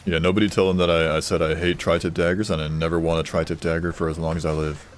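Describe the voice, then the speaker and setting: Male streamer, very low voice, offhand joking commentary over faint game noise. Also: little pitch movement, quick pace. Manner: joking, reading chat aloud, offhand. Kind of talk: casual gaming stream commentary.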